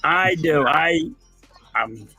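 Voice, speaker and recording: A man's voice: a little high, animated, very slow, bright, forceful tone, breathy edge, faint music behind. A man co-hosting a casual sports debate, making insistent, emphatic predictions. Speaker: co-host.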